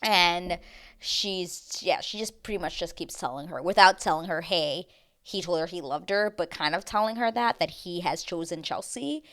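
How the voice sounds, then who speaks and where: A woman's voice: fairly low pitch, moderate pace, fairly bright tone. A woman hosting a casual TV recap, chatty and dramatic as she acts out her reactions. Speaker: recap show host.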